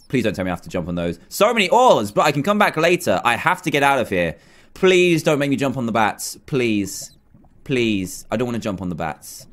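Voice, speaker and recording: A young man giving excitable let's play commentary, exclaiming and pleading with the game as he plays. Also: fairly high pitch. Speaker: gaming YouTuber. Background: faint game music.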